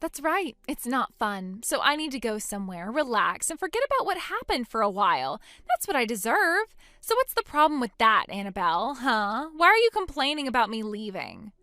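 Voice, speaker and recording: A woman's voice: fairly high pitch, big pitch swings, moderate pace, hardly any pauses, bright, forceful tone, dry recording, clean studio sound, faint music behind. A woman voicing a selfish young mother who dismisses her own baby, in scripted dialogue. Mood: scornful. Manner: scornful, dismissive, sneering. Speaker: voice actor in a text-story drama.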